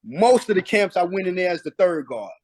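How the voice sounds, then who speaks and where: A man's voice: high voice, big pitch swings, a little fast, darkish tone, no room sound. A middle-aged man, a former pro basketball player, telling stories in a casual interview with emphasis and acting out past conversations.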